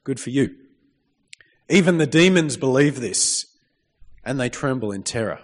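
In a church hall full of long reverb, a man with a mid-range voice delivers a lively sermon at a slightly slow pace. He reads from scripture and calls on the congregation for amens.

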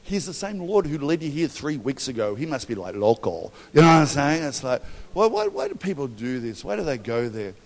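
Australian pastor preaching in a big hall. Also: male voice, a little high, brisk. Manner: animated, storytelling with acted quotes and humour. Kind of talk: sermon. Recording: long hall reverb.

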